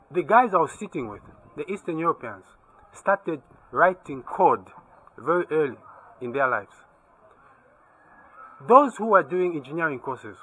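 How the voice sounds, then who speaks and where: A man's voice: on the high side, pushed and bright, breathy edge, poor audio. A man talking casually to camera as a vlogger, emphatic and lecturing, checking again and again that the viewer follows. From Zambia. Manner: keeps asking "you see what I mean?". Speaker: travel and tech vlogger.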